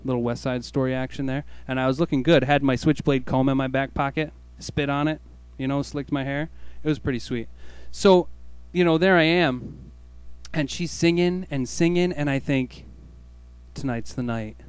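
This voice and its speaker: A man's voice: mid-range voice, fairly even intonation, normal speed, clean tone, no echo. A man hosting a radio show, telling a jokey, self-mocking story in a laid-back way. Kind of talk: comic storytelling monologue.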